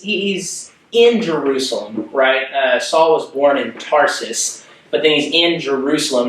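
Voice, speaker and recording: A man's voice: fairly high pitch, fairly bright tone, distant mic. A young man leading a preteen worship lesson, explaining scripture in a chatty way with lots of rhetorical questions. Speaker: youth worship leader. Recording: echoey room, off mic.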